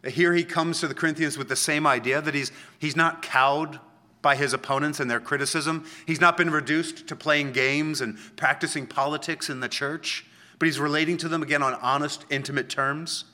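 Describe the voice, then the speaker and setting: Guy preaching, bright forceful voice, keeps asking "right?", slows way down on the verse quotes. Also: fairly high pitch, steady tone. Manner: conversational teaching, frequent "right?" tags, slow emphatic quoting of scripture. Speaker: pastor. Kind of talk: sermon.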